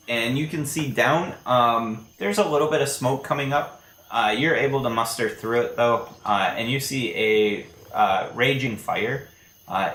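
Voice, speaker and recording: A man runs a tabletop game, describing the scene in a loose, rambling way with plenty of fillers. His voice is bright and clear, with a roomy echo and faint hiss behind it. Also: medium pitch. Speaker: game master.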